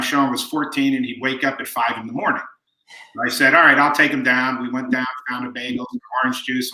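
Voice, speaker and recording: Bright-voiced man telling stories, roomy echo. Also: medium pitch. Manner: relaxed anecdotal storyteller who acts out quoted lines. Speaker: guest author. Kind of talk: storytelling in conversation.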